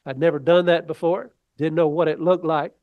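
Guy preaching, high voice, folksy and rambly, dry close sound. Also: fairly even intonation, fairly quick, no echo, phone-quality sound. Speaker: pastor. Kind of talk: sermon.

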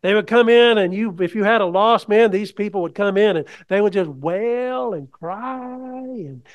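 A man preaching a sermon in a conversational way, asking his listeners questions. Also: high voice. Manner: conversational, asks the congregation questions.

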